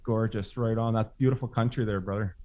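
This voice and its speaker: A man's voice: fairly low pitch, steady tone, fairly quick, a little mellow. A Canadian man hosting a podcast, speaking in a motivational way to his listeners. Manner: motivational, addresses listeners as brothers. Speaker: podcast host. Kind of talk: podcast intro and interview.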